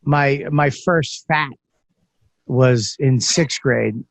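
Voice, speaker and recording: A man's voice: mid-range voice, drawn-out words, creaky, no echo. Swearing, self-mocking storytelling man. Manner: profane, self-deprecating storytelling with many restarts. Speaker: podcast host. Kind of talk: casual chat.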